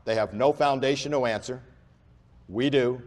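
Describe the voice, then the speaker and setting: A man giving an emphatic preaching lecture to an audience, talking in long unbroken runs with few breaths and slowing down on key points. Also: mid-range voice. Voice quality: says he has a speech impediment and talks without pausing for breath. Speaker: creationist speaker. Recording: long hall reverb.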